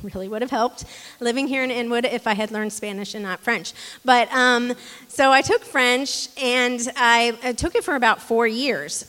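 A woman's voice: a little high, fairly bright tone. Chatty woman preaching in a reverberant church. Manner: chatty, with many ums and restarts. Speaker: church speaker. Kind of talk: casual conversational sermon. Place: church hall.

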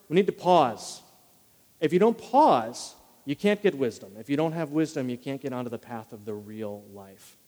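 A man's voice: medium pitch, warm tone. Man preaching in an echoing hall. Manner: conversational preacher, repeats key phrases, quotes scripture slowly. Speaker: pastor. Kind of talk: sermon. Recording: long reverb of a large hall.

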